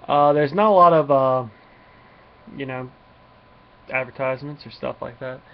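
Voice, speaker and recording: A man's voice: medium pitch, normal speed, muffled recording. A man giving a casual spoken comic book review, retelling the plot in a rambling way with many fillers.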